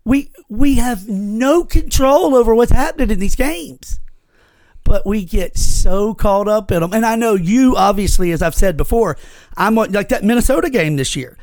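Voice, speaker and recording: Speaking at a normal speed in a fairly high register, a man co-hosts a podcast and tells a story with plenty of energy and profanity. The chat is casual, and the recording has no room sound.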